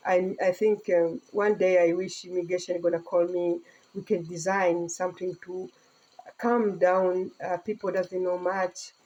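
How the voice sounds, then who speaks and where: Middle-aged woman from Tanzania, earnest casual vlog to phone, mellow husky tone. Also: on the low side, flat delivery, a little slow, lo-fi sound. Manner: earnest, speaking broken English with laughter. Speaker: vlogger.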